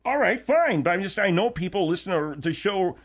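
A man's voice: high-pitched, lively intonation, a little fast, slightly rough. A man voicing a whiny, easily hurt male sidekick who rambles in radio comedy banter. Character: whiny, touchy adult male sidekick called Bud.

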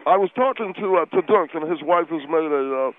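A man's voice: on the high side, a little fast, a little hiss or hum, voice pushed up, lightly acted. A man voicing a pompous, overweight male activist who talks formally and indignantly with his mouth full, heard over a tinny phone line. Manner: stiff, formal and indignant, chewing while talking.

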